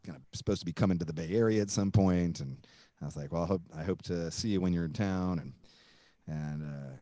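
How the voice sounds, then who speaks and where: A man with a lowish voice hosting a podcast, spinning a long story in loose, rambling talk. He swears freely and circles back with fillers and restarts. The sound is close and dry, with no room around it. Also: a little fast, mellow, no echo. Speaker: podcast host. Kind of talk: casual storytelling.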